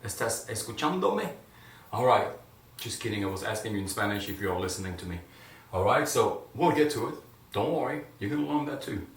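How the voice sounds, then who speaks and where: A man teaching a video lesson, encouraging his viewers and loudly drilling words for them to repeat. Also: lowish voice, fast. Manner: encouraging, loud drilled repetitions. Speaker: Spanish teacher. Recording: echoey room, voice from a distance.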